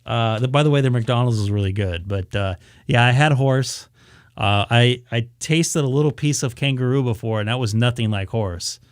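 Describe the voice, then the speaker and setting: A man's voice: mid-range voice, moderate pace, no room sound, studio quality. A man on a ham radio live stream, casually telling a story and acting out his own reactions. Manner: animated, acts out his own reactions, many restarts.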